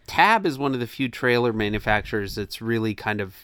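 A man co-hosting a casual chat, relaxed and rambling, with many fillers. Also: fairly low pitch, a little fast, a loud crowd. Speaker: podcast co-host.

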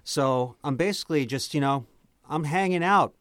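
A man's voice: on the high side, moderate pace, a bit bright, no echo. A man playing a dwarf in a tabletop game, chatty and rambling, often restarting his words. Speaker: player.

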